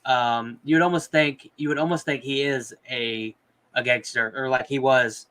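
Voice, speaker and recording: A man's voice: medium pitch, fairly even intonation, normal speed, a bit bright. A man co-hosting a casual podcast, talking loosely with plenty of fillers and offhand swearing. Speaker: podcast co-host.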